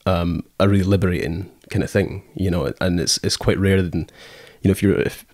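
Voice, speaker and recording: Deep-voiced Scottish man, chatty. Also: steady tone, fairly quick, darkish tone, no room sound, studio quality. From Scotland. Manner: rambling, lots of fillers, acts out quotes. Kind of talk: casual chat.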